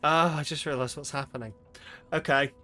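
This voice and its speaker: A man's voice: on the high side, steady tone, moderate pace, sharp tone. A man streaming a video game, chatting in a playful, wry way and reading his dialogue choices aloud. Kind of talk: casual gameplay commentary, reading choices aloud.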